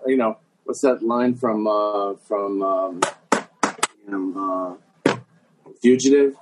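A man's voice: fairly low pitch, a little slow, low-quality recording. A middle-aged man guesting on a chat show, talking in a hesitant, musing way with many fillers. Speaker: guest impressionist. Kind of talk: casual chat.

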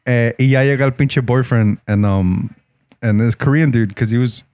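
A man's voice: medium pitch, moderate pace, darkish tone, no room sound. A man telling stories in casual, profane chat, slipping into Spanish. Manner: profane, laid-back, switches into Spanish. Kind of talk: casual storytelling.

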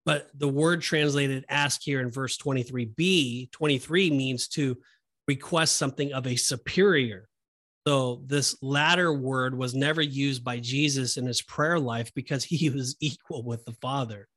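Male co-host, earnest Bible discussion, mid-range voice, halting delivery with fillers. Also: medium pitch, a bit bright. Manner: earnest, preachy, with many fillers and restarts. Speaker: podcast co-host.

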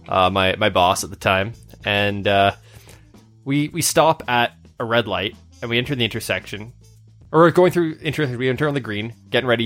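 Male podcast co-host, mid-pitched, laughs his way through a rambling story; faint music underneath. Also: fairly bright tone. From Canada. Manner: laughs often while telling a story, rambling restarts. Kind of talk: casual storytelling chat.

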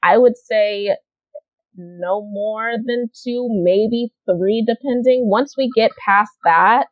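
A woman's voice: on the high side, slow, no echo. Casting director lady chatting, lots of you-knows, kinda dull lo-fi sound. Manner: chatty, many you-knows, repeats words for emphasis. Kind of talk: casual interview chat.

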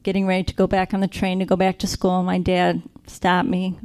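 A woman sharing a personal faith testimony, earnest and reflective, slowing down to stress key moments. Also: fairly low pitch, monotone, darkish tone, smooth. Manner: earnest, reflective, slows down for emphasis.

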